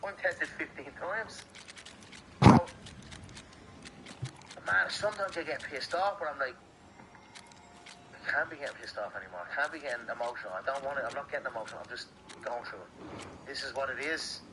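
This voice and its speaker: A man's voice: medium pitch, brisk, pauses often. A man, a professional fighter, being interviewed. He talks bluntly, swears freely and repeats words when he gets heated. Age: adult with young children. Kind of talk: candid interview talk. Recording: interview clip with steady background noise.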